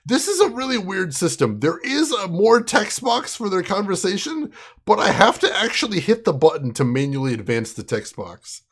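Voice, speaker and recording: A man's voice: sits high, very animated, normal speed. Amused man commenting on a game. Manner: chatty, amused. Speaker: game streamer. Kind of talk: let's play commentary.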